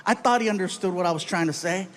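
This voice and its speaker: A middle-aged man doing stand-up, telling a family story in a punchy, animated way and shouting his punchlines. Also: sits high, fast talker. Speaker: stand-up comedian.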